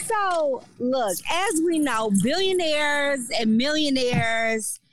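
Forthright high-voiced woman strategist. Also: slow pace, low-quality recording. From Chicago. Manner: forthright, emphatic, argumentative. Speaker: political strategist and guest. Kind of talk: casual political radio chat.

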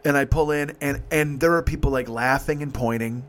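A man in his fifties spins a long anecdote on his podcast. He swears freely and restarts his sentences as he goes. His voice sits in a middle pitch. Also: brisk, a bit bright. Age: 50s. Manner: profane, rambling, many restarts. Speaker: podcast host. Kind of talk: casual storytelling.

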